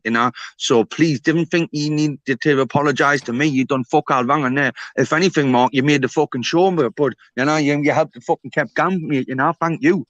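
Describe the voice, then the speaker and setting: A man's voice: mid-range voice, a bit bright, dry recording, dull audio. A man in casual chat on a live panel, rambling and swearing, calling others mate. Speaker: panel guest.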